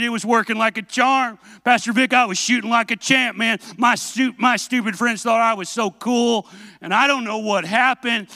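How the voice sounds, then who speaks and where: High-voiced, animated preacher man. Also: dry recording. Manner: animated, self-mocking storytelling; asks the congregation questions. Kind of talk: sermon.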